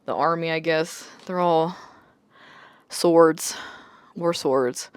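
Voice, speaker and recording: A woman's voice: sits low, slow pace, clean tone, no room sound. A woman book vlogger talking casually about what she is reading, chatty and exasperated, swearing and laughing often. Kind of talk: casual chat.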